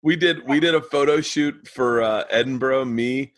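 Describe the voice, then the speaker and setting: A man's voice: medium pitch, normal speed, no echo. Man telling a story, laughing, dry sound. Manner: laughs through his own story. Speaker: comedian and podcast co-host. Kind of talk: animated storytelling.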